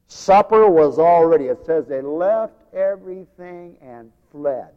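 Male preacher, high voice, dramatic loud-to-hushed delivery, reverberant hall. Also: animated, moderate pace, hardly any pauses, muffled recording. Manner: dramatic, swinging from loud proclaiming to near-whisper storytelling. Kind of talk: sermon.

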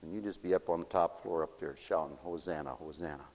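A man pastor preaching a sermon, playful and laughing, swinging from loud to hushed. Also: deep voice, fast, big-room sound.

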